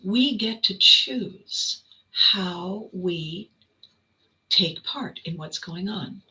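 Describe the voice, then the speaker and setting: A woman hosting a podcast, telling a story as an animated, laughing storyteller. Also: mid-range voice, very slow, rough recording. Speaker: podcast host. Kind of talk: reflective storytelling monologue.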